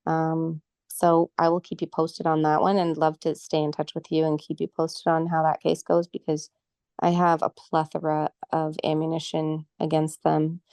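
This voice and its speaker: A woman's voice: sits low, monotone, moderate pace, darkish tone, dry recording, clean studio sound. Indignant Canadian woman, fired up. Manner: agitated, indignant, emotional. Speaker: guest. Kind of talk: casual interview talk.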